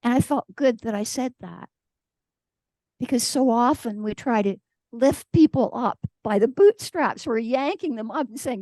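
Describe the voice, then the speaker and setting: A woman's voice: fairly high pitch, a little slow, mellow, no room sound. A woman giving a conversational sermon at a church service, telling stories and acting out the voices of the people she quotes. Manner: storytelling, acts out quoted voices. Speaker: guest speaker.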